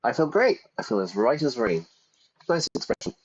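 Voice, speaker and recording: A man's voice: mid-range voice, sing-song, fairly quick. A man teaching English vocabulary in a casual, chatty way, explaining words with everyday examples. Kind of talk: casual vocabulary lesson over gameplay. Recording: dull lo-fi sound.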